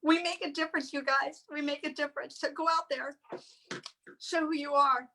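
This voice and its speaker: A woman sharing an emotional personal testimonial in halting, tearful speech with many restarts. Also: high voice, fairly even intonation, pushed and bright, poor audio. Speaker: guest sharing weight-loss story.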